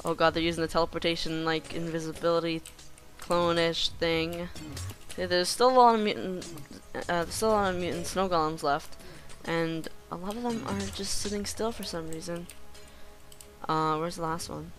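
A woman giving casual gameplay commentary in a playful way, joking with the game creatures and bursting into excited yells. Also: on the low side, moderate pace, faint music behind.

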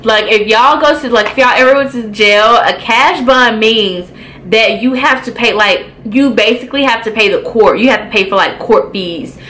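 A young woman with a bright, forceful voice pitched a little high tells a casual storytime. She is animated and profane and acts out her own reactions as she talks. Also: normal speed, slight background noise, poor audio. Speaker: beauty vlogger.

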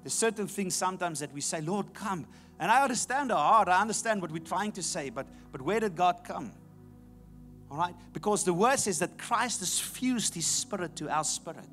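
Emphatic preacher. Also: male voice, high voice, animated, normal speed, pushed and bright, soft background music. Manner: emphatic, repeats key phrases. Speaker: pastor. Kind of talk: sermon.

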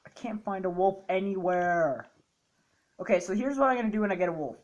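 A woman's voice: medium pitch, lively intonation, fairly quick, darkish tone, muffled recording. A woman playing and commenting on a game in casual let's-play chat, chatty and rambling with playful boasting. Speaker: co-host and player of a gaming channel.

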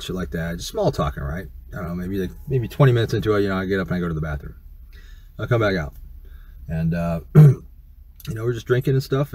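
A man's voice: sits low, a little mellow, slightly rough. A man telling a personal story in a casual, rambling, profane way, full of fillers and restarts.

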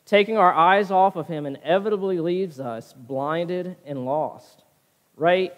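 Pastor delivering a sermon, a man with a fairly high voice, recorded in a reverberant church hall. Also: slow pace, highs cut off. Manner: preaching with frequent "right?" tag questions. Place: church sanctuary.

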